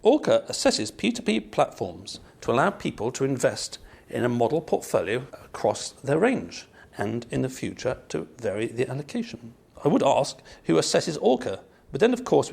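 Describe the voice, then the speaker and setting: A man's voice: mid-range voice, vocal fry, a little mellow, breathy edge. A man hosting a finance podcast, reading a wry scripted intro and then chatting in a discursive, musing way. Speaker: podcast host. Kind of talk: scripted intro then casual interview chat. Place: meeting room in London.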